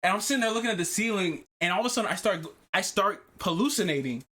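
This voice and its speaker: Animated swearing man telling a story. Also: high voice, fast. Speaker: podcast host. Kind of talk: casual podcast chat.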